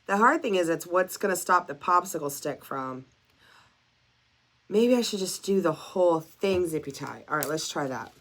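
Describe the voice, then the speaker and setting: A woman's voice: lowish voice, animated, normal speed. Chatty woman crafting and thinking aloud. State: sniffling. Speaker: craft vlogger. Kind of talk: casual DIY commentary.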